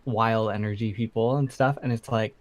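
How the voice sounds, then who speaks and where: A man's voice: lowish voice, fairly even intonation, moderate pace, no room sound. A man from California, chatting casually as a guest on a livestream, rambling with lots of "like" and restarts. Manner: rambling, many "like" fillers and restarts. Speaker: guest streamer.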